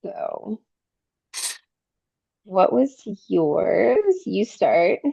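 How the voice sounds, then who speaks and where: A woman co-hosting a podcast, chatting in a relaxed, conversational way. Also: medium pitch, extremely slow, vocal fry, slightly rough. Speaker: podcast co-host. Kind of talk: casual chat. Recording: dull, dry lo-fi recording.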